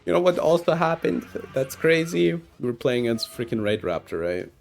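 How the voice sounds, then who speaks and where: Animated male game streamer, lively pitch. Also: moderate pace, creaky. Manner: animated, self-mocking, rambling with many "like"s. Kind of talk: casual gameplay commentary.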